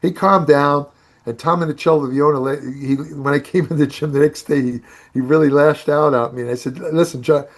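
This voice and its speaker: An older man spins long, meandering stories in a fairly high speaking voice for a man, stumbling over restarts and circling back to names. He sounds like a guest reminiscing on a podcast. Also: steady tone, fairly quick. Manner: rambling anecdotes with restarts and laughs. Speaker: guest, bodybuilding writer. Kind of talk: casual storytelling on a podcast.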